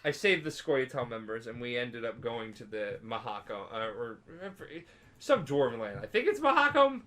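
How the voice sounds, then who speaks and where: Tipsy male podcast co-host, bright tone, rambling storyteller who swears freely. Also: mid-range voice, big pitch swings, moderate pace. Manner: rambling, swears a lot, acts out characters in loud voices. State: drunk. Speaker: podcast co-host explaining a video game. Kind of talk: casual drunk storytelling.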